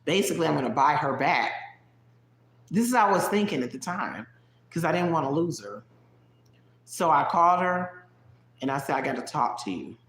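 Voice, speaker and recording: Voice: medium pitch, sing-song, moderate pace, a bit bright. Chatty, roomy-sounding livestream storyteller. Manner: chatty, digressive, talks to viewers in chat. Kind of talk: casual storytime chat. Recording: roomy echo.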